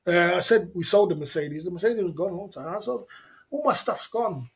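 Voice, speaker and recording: A man hosts a casual livestream, chuckling through loose, slangy banter aimed at his viewers. His voice sits a little higher than most men's, and he circles back over the same phrases again and again. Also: animated, brisk. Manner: laughing, repetitive, slangy banter. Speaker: livestream host.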